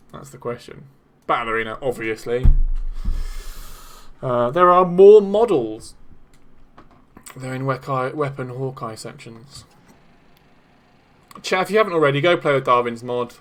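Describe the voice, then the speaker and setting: A young man hosting a live developer stream, reacting excitedly to community builds while he plays and talks to chat. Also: mid-range voice, moderate pace, long pauses, slight background noise.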